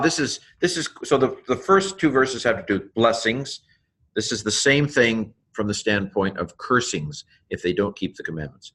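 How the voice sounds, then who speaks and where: A man's voice: fairly low pitch, animated, moderate pace, fairly bright tone, slightly rough. A man teaching pronunciation informally, thinking aloud, sounding out words syllable by syllable, with many fillers and self-corrections. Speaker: Hebrew teacher.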